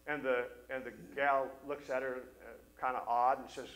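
A male pastor preaching a sermon, telling a story in an animated way and briefly acting out the voices of the people in it. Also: mid-range voice, normal speed, poor audio. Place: church service.

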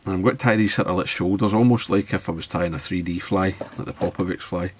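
A man with a Scottish accent talks through a fly-tying tutorial at his desk, relaxed and musing aloud while he ties. He speaks fast in a low, slightly mellow voice, and a little hiss or hum can be heard.

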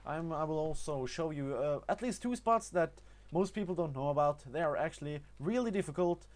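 A young man with a Norwegian accent talking over gameplay in a casual tutorial, halting often with fillers and restarts. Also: on the high side, animated, darkish tone. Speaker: gaming tutorial narrator.

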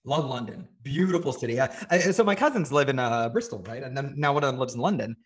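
A man talking casually as a podcast guest, rambling quickly with lots of filler words. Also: medium pitch, slightly rough. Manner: fast, rambling, frequent "like" fillers. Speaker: podcast guest, data engineer. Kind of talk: casual interview chat.

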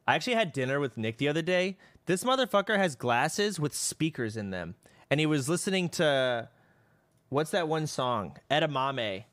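A man's voice: on the high side, sing-song, moderate pace, a bit bright. A man streaming a game and chatting casually, brash and trash-talking with plenty of swearing. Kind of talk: casual gaming stream chat.

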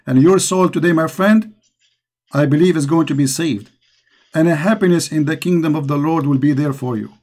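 A man's voice: on the high side, normal speed, darkish tone. A man with an Arabic accent, hosting a call-in religious show and preaching with passion. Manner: impassioned, preaching. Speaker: host.

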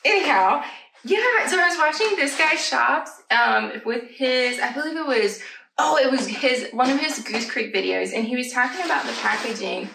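A woman with a high, bright voice that swings all over the place chats through her haul, giggling often and trailing off into little asides to her pets. Her voice has a gravelly edge. The sound is roomy, and she is heard from a bit away from the camera mic at home. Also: animated, moderate pace, background noise. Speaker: vlogger. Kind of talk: casual haul chat to camera. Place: at home, indoors. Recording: roomy, slightly distant home audio.

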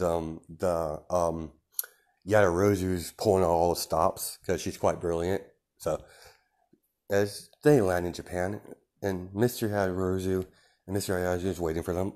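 A young man improvising a fan story aloud, rambling and halting with many fillers and restarts. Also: sits low.

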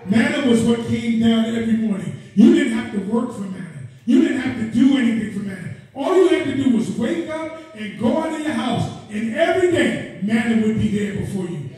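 A man preaching a sermon in a passionate, repetitive cadence, rising to shouts and often crying out "oh God" between phrases. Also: extremely high pitch, lively intonation, a little fast, hardly any pauses. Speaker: guest preacher. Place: church sanctuary. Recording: echoey church from far off.

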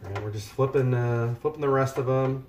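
Wearing a headset mic in his home kitchen, this man cooks live and chats casually with viewers, joking and wandering off topic. His medium-pitched voice is a little mellow and moves at a moderate pace, with slight background noise behind it.

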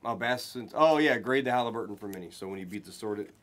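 A man's voice: on the low side, fast. Hyped man calling a card break. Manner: excited, hyped, swears, calls out hits to viewers. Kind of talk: live card break commentary.

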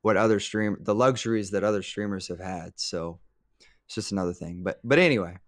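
A man's voice: lowish voice, fairly quick, no echo, studio quality. A man who streams, chatting casually as a podcast guest, rambling and restarting his sentences and laughing easily. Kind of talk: casual live podcast chat.

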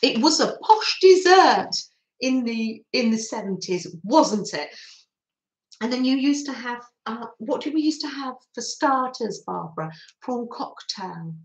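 Middle-aged woman from England, unhurried chatty craft host, fairly high voice, roomy echo. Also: animated. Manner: chatty, reminiscing, frequent laughs. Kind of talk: casual chat while crafting.

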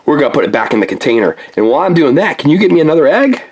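Brief: woman unboxing toys, very deep voice, lively sing-song delivery, playful pirate talk with a kid. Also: very fast, background noise. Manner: playful, talks to a child helper, throws in pirate growls. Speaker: toy unboxing host. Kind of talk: playful toy unboxing for kids.

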